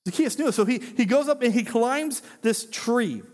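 Man, pastor, high voice, animated conversational sermon, jokes, long hall reverb. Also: moderate pace. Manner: animated, conversational preaching with jokes and acted-out quotes.

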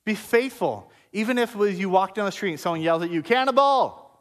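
A man's voice: sits high, fast. A man preaching a sermon to his congregation in a conversational, joking style with playful asides. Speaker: pastor. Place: church service before a congregation.

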